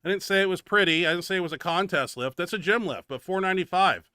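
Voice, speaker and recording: Fast and high-pitched, his sharp yet smooth voice comes with no echo and clean studio sound. The bench press show host talks over his training footage in a casual, blunt, profane manner, complaining about his own setback.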